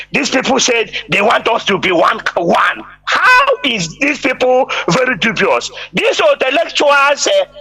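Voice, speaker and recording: A man's voice: very high voice, bright, forceful tone. A man calling in to a live broadcast, speaking in an impassioned, denouncing way. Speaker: caller. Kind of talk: phone-in call to a live broadcast.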